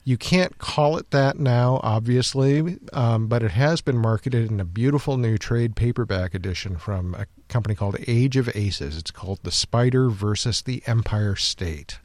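A man with a mid-range voice speaks with real enthusiasm in a casual podcast conversation, pausing now and then on a filler. The sound is dry and close. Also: medium pitch, a little mellow, no echo. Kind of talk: casual chat.

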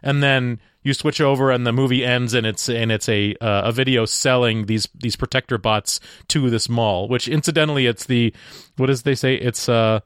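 A man's voice: mid-range voice, fairly even intonation, moderate pace, smooth, no room sound, clean studio sound. A man co-hosting a podcast, chatting casually about a movie and laughing often. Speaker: podcast co-host. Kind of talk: casual movie review chat.

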